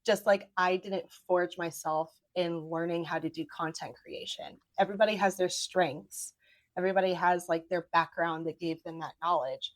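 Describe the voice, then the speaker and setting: A woman with a fairly low voice and a dry, close sound explains legal matters as a podcast guest. She lays out her advice point by point in a steady, explanatory way. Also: normal speed, dry recording. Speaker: attorney guest. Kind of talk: podcast interview.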